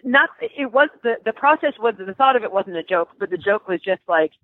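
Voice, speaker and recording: A woman's voice: mid-range voice, brisk. Woman telling a story over a tinny line. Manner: animated, laughing, emotional, many restarts. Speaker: guest. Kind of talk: casual storytelling interview. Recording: dry, tinny phone-like line.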